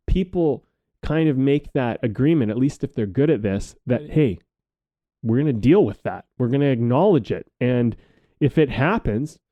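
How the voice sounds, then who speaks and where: A man's voice: medium pitch, dark tone, dry recording, dull audio. A man co-hosting a podcast in casual conversation, reflective and rambling, swearing now and then. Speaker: podcast co-host.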